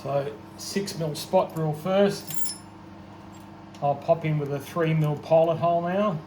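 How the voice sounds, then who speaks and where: Speaking slowly with fairly even intonation, this Australian man has a voice on the high side. He's a home machinist narrating his workshop tasks casually with self-deprecating humor, and the echoey space is filled with loud machine noise.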